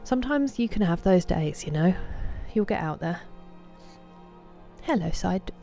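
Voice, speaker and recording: A woman's voice: lowish voice, lively intonation, unhurried, gravelly, mellow, soft background music. A British woman streaming a game, chatting casually and greeting her viewers by name. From Britain. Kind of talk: casual chat with viewers while gaming.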